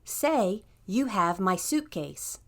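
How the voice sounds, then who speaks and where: A woman's voice: medium pitch, big pitch swings, takes it slowly, a bit bright. Woman, language teacher, upbeat, encouraging, scripted lesson narration.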